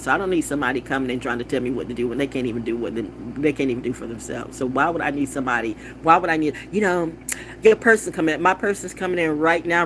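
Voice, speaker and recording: A woman's voice: sits low, slight background noise. A woman rambling bluntly and with plenty of swearing in a casual monologue, often repeating words for play. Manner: blunt, profane and wandering. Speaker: vlogger.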